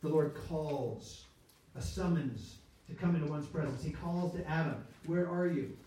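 A man with a fairly high, mellow voice leads a conversational Bible study, asking rhetorical questions and checking in with his listeners. He restarts and corrects himself mid-sentence. He is heard from a distance in a very echoey room. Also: normal speed. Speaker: Bible teacher. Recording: very echoey room, speaker far from mic.

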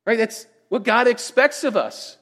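Man, high-pitched voice, pastor delivering a chatty Sunday sermon, tosses in asides. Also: unhurried, fairly bright tone. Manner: conversational preaching with frequent "right?" asides. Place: church sanctuary.

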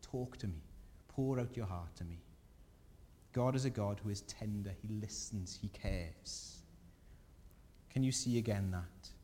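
A man gives an earnest, gentle sermon in a mellow, mid-pitched voice. His words ring out in a large church hall with long reverb, and a faint low rumble sits underneath. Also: a little slow. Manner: earnest, gentle preaching with rising emphasis. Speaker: pastor.

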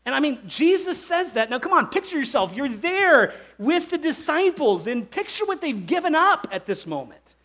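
A male pastor delivers an animated sermon. His voice sits high, and he slips into voices for the figures he describes before dropping back to his plain preaching tone. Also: moderate pace, hardly any pauses.

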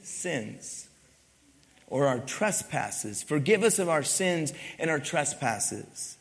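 A pastor gives a sermon in church with a slightly high, creaky voice that is very animated yet slow-paced. He asks the congregation questions and presses his points hard, amid the long reverb of the hall.

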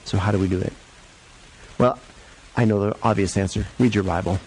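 A male pastor giving a conversational sermon in a church, jumping up and down in pitch to stress his points. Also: fairly quick, slight background noise, low-quality recording. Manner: conversational and lively, varies pitch for emphasis. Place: church sanctuary.

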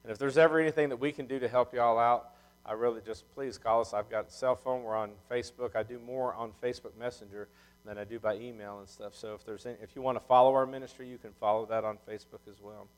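Guy in his fifties preaching at church, talks fast and folksy, tells stories. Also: medium pitch, clean tone, low-quality recording. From Ohio, USA. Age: 50s. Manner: fast-talking, animated storyteller, folksy. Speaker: visiting missionary speaker. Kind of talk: church sermon with storytelling.

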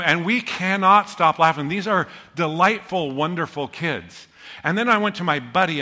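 Bright-voiced male pastor preaching in a hall. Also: fairly high pitch. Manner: storytelling, animated, self-deprecating humor. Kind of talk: sermon. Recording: long hall reverb.

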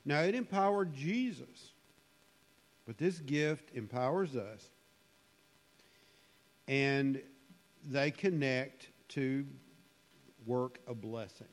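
A man preaching a conversational sermon in a church hall, musing and unhurried, with frequent fillers. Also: medium pitch. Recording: long hall reverb.

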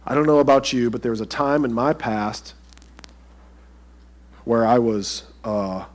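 A man's voice: medium pitch, measured pace. A pastor preaching a sermon to his congregation in a conversational way, asking them direct questions.

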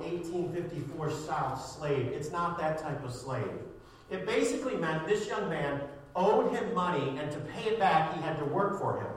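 A man's voice: on the high side, slight background noise. A man preaching a sermon as a pastor, with a sarcastic streak, building to fervent emphasis. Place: church sanctuary. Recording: echoey church hall, distant mic.

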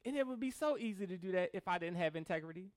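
A man's voice: high-pitched, lively intonation, fast. A man preaching a sermon as pastor, joking with the congregation and mimicking people in a loose, conversational way.

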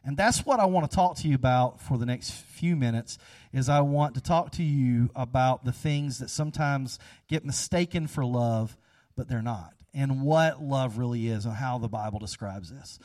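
A man's voice: mid-range voice, normal speed, darkish tone, dry recording, clean studio sound, recorded from a distance. A man leading a casual, chatty sermon after an audience guessing game, upbeat and repeating himself.

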